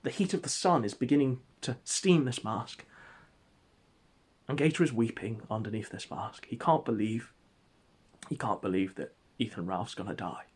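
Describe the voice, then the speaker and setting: A man spins an absurd tale in a mock-epic, deadpan storytelling voice. His voice is husky and breathy, sitting at an ordinary middle pitch. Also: moderate pace. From England. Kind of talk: comic storytelling narration.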